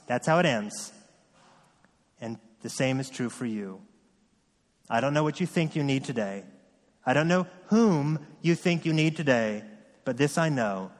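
A man's voice: mid-range voice, expressive, measured pace, long pauses, long reverb tail. A man preaching a sermon as pastor, reading scripture and driving points home with earnest repetition.

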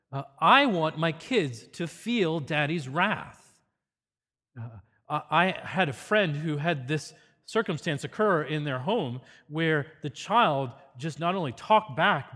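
A man's voice: on the high side, bright, forceful tone, long reverb tail. A man giving an earnest, teacherly parenting seminar with a faith focus.

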